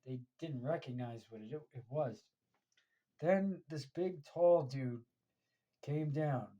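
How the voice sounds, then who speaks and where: An American fan podcaster tells a casual, rambling story about a match, full of fillers and restarts. His medium-pitched voice is slow and mellow, and the audio sounds dull.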